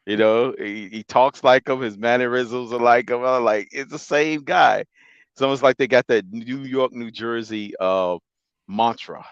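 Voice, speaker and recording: A man's voice: mid-range voice, fairly even intonation, moderate pace, smooth, no room sound, dull audio. A man co-hosting a podcast in a casual sports chat. He laughs often and lets his voice drop at the ends of phrases. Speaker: podcast co-host.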